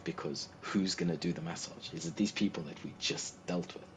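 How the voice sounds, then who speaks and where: A man hosting a livestream, chatting casually and telling an animated anecdote, acting out the people he quotes. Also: sits low, brisk. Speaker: livestream host. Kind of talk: casual storytelling to a co-host. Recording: noisy livestream audio.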